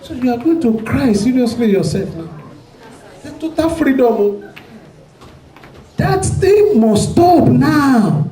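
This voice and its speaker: A man who is a pastor, preaching a sermon with fervor and shouting prayer declarations. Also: high-pitched, roomy sound, a little hiss or hum, low-quality recording. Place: church hall.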